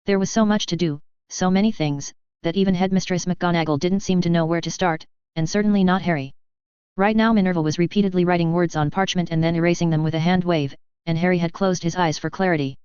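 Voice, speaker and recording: A woman reads a story aloud in a steady, measured way. Her voice is very clear and sits a little low. The recording is close and dry, with a dull, lo-fi sound. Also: no room sound. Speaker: audiobook narrator. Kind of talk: scripted narration.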